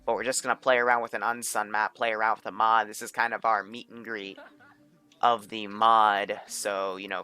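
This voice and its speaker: A man's voice: lowish voice, bright, forceful tone. A man running a multiplayer military game session, thinking aloud in an offhand way and swearing casually. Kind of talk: casual gameplay commentary.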